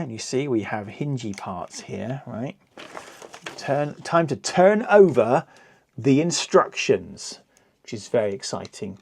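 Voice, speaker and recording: Slow, rambling middle-aged man. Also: a little high, creaky, darkish tone. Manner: rambling, self-deprecating. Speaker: LEGO reviewer host. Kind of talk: casual build commentary.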